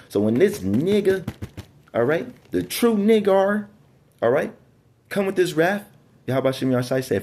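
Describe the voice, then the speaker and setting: A man's voice: mid-range voice, big pitch swings, normal speed, warm tone. A man giving a casual Bible teaching, reading scripture aloud in an emphatic way with slangy asides and frequent stumbles over words. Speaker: preacher.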